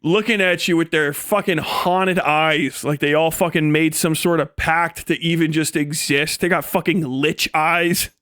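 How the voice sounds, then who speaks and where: A man's voice: a little high, steady tone, unhurried, hardly any pauses, a bit bright, no room sound, clean studio sound. A male streamer on a rambling, profane comedic rant, often breaking into laughter.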